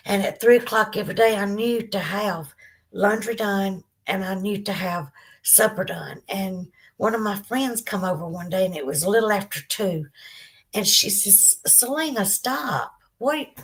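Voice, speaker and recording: A woman's voice: medium pitch, fairly bright tone. Emotional Southern woman telling her story. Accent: Southern American. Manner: candid, emotional, fighting back tears; rambling with frequent fillers. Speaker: podcast host. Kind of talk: live-stream storytelling, reading viewer comments.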